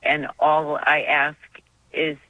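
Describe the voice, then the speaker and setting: A woman calls in to a radio show and speaks earnestly, emotionally, and devoutly in a deep voice. Her delivery is completely flat and slow, heard over a dull, dry phone line with no room sound.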